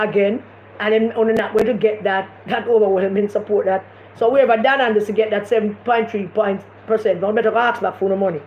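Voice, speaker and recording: A woman with a Jamaican accent giving impassioned political commentary on a live stream, repeating her points with emphasis. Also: medium pitch. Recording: echoey room, dull lo-fi sound, faint noise.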